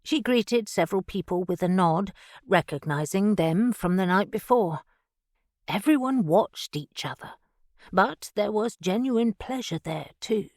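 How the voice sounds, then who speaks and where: A woman's voice: mid-range voice, no echo. Woman narrating an audiobook, dry sound. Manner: measured, even storytelling. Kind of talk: scripted narration.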